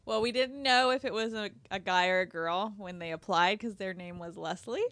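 A woman in casual conversation giving frank advice, chatty and quick to laugh. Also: medium pitch, a bit bright.

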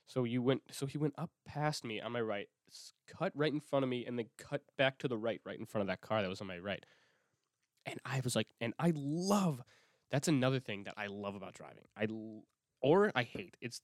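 Young male podcast host, animated swoopy delivery, dry close sound, rambling and profane. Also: medium pitch, no room sound. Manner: rambling, profane, self-interrupting with restarts. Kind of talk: casual rambling monologue.

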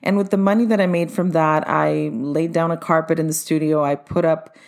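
Casting: middle-aged woman, dance studio owner, upbeat and chatty storyteller with a slightly low voice. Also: fairly even intonation, a little fast, gravelly, darkish tone. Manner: upbeat, chatty, addresses listeners directly. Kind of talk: personal storytelling monologue.

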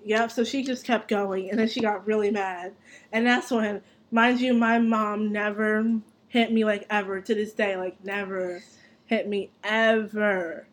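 A young adult woman telling a story in casual chat. She is animated and profane and laughs as she talks. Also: medium pitch, measured pace.

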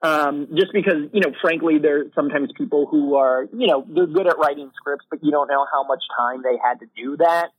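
A literary manager answering podcast interview questions in a casual way, full of "you know" and "like". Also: male voice, fairly high pitch, brisk, hardly any pauses, husky, dry recording. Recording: dry, thin phone-line sound.

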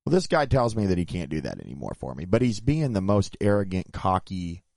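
A man from a touring band telling a road story in casual chat, getting animated when he quotes arguments. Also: deep voice, brisk, gravelly, dry recording, clean studio sound. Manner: animated, rises sharply when quoting arguments.

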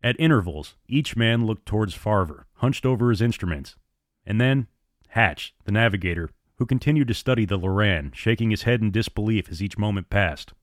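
Brief: male narrator, low and measured, dry close sound. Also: animated, dry recording. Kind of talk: storybook narration.

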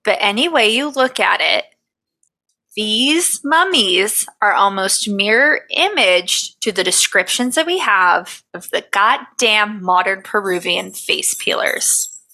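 A woman's voice: mid-range voice, lively intonation, takes it slowly, bright, forceful tone, low-quality recording. A woman co-hosting a casual podcast, reading her research notes aloud with profane, jokey asides. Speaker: podcast co-host.

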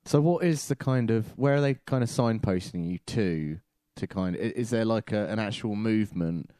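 A man's voice: on the low side, moderate pace, dark tone, clean tone, no echo, clean studio sound. A man in casual podcast chat, playful and rambling, swearing casually.

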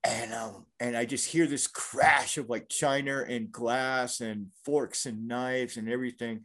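A man's voice: mid-range voice, steady tone, unhurried, fairly bright tone. A middle-aged man telling a story in a casual interview, rambling and profane with many restarts.

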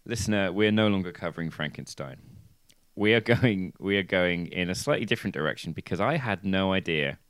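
Man hosting podcast, bright and crisp voice, dry close mic, playful. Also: deep voice, expressive, normal speed, dry recording. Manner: laughs often, playful, directs the chat. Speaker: podcast host. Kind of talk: casual comedic chat.

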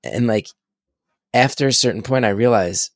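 A man in his thirties chatting casually, animated and excitable, swearing freely as he tells stories. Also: mid-range voice, moderate pace, no echo, clean studio sound. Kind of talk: casual conversation.

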